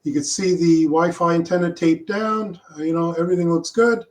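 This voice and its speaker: A man presenting his rocket launch slides in a casual talk over a video call, halting often with fillers and restarts. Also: a little high, steady tone.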